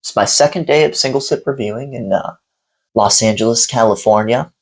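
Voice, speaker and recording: A male coffee vlogger recounting a story in a casual, rambling way. His voice is gravelly, and his delivery is blunt and profane. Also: mid-range voice, fairly quick, rough recording.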